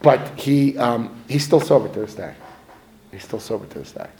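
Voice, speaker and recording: A man's voice: medium pitch, normal speed, darkish tone, a little hiss or hum, poor audio. A middle-aged man telling stories in a casual, self-mocking way, acting out what people said. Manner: conversational, self-mocking, acts out quotes. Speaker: speaker sharing his story. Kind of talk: casual storytelling talk.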